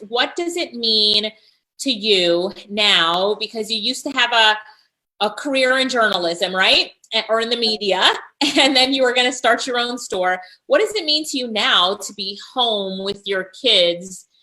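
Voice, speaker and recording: A woman's voice: medium pitch, pushed and bright, rough recording. A woman hosting a live stream, coaching freelancers and reading out viewer comments in an upbeat, encouraging way.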